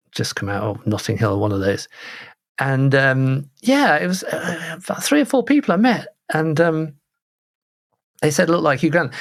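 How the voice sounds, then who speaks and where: A British man co-hosting a podcast, chatting casually with a jokey, self-mocking manner and an animated delivery. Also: fairly high pitch, gravelly. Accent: British English. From Britain. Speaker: podcast co-host. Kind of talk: casual chat.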